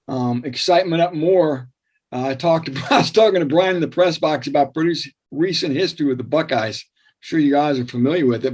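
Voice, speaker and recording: Male sports writer, husky and a bit high-pitched, eager to cite records. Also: a little mellow. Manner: rattles off stats and recent history with enthusiasm. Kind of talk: sports talk show discussion.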